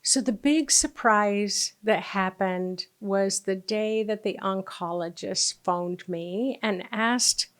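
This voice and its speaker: A woman's voice: mid-range voice, slow, hardly any pauses. A woman who works as a spiritual healer and was once a nurse, telling a story to camera. She talks with animation, acts out quoted lines and sometimes drops to a near whisper.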